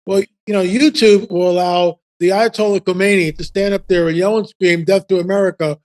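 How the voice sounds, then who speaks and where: A man in his seventies, a podcast guest telling casual stories in an animated, rambling way full of restarts. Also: high voice, brisk. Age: 70s. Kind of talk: casual storytelling.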